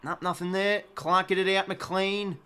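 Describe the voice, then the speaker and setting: An Australian man streaming a live football watch-along, calling the play casually, swearing often and shouting at the players. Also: high voice, steady tone, unhurried, clean tone.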